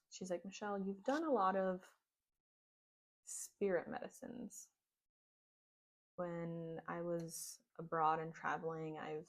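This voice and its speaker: A woman's voice: fairly low pitch, a bit bright. A woman telling a personal story in a casual, rambling way, with plenty of "like". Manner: casual, rambling, heavy use of "like". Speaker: podcast host.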